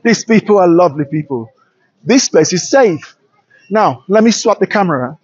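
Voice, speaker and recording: With an expressive, high voice and a breathy edge, this man speaks at a normal speed as he walks city streets vlogging to camera. His accent is British-influenced Nigerian, his tone eager and opinionated. The lo-fi smartphone audio, recorded handheld, has no echo.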